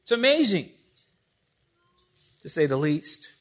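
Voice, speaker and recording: A man preaching a sermon, reading scripture and asking his congregation rhetorical questions with wide swings in loudness. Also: fairly high pitch, sing-song, takes it slowly.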